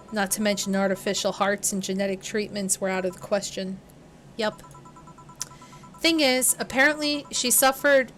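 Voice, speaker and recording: A woman streamer voicing a blunt, grieving woman who swears when angry, with soft game music behind. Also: on the high side, lightly acted.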